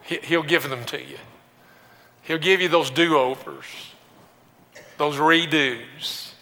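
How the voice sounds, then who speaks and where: A man's voice: on the high side, steady tone, takes it slowly, sharp tone. A man pastor giving a conversational sermon, telling a personal story with restarts and rhetorical questions. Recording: long hall reverb.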